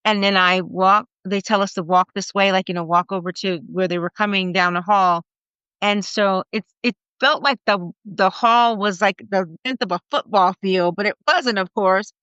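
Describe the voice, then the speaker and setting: A woman in her forties, a podcast guest, retelling a personal story in a halting, emotional way with many fillers. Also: medium pitch, steady tone, fairly bright tone, clean tone, no echo. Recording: slightly muffled dry recording.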